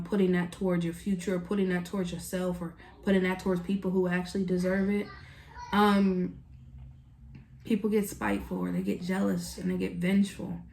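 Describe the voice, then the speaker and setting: A woman's voice: medium pitch, darkish tone, slight background noise. A woman giving an earnest, emotional tarot reading, speaking straight to the viewer in a casual way. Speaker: tarot reader. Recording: echoey room.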